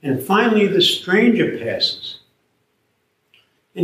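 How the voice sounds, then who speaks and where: Male preacher, storytelling homily, unhurried delivery, distant echoey church sound. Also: mid-range voice, a bit bright. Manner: storytelling, acting out the characters' voices. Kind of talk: sermon.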